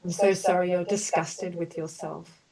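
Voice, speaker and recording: A woman leading an online group healing session, slowly offering soothing apologies and then explaining in a loose, chatty way. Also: lowish voice, flat delivery, gravelly, darkish tone, recorded from a distance, rough recording. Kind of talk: guided emotional healing session.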